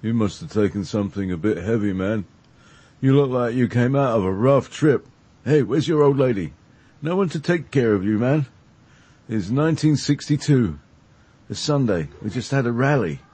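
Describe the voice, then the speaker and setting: A man voicing a laid-back male hippie from the sixties who talks in easygoing slang, with a husky voice. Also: sits low, moderate pace, a little mellow, no echo. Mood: mellow.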